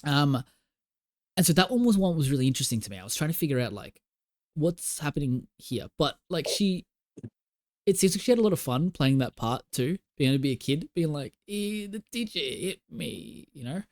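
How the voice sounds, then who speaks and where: A man's voice: a little high, animated, brisk, darkish tone, no room sound, clean studio sound. A man co-hosting a podcast, chatting casually about a film in a rambling way, full of "like" and "you know". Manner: rambling, filler-heavy, lots of "like" and "you know". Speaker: podcast co-host.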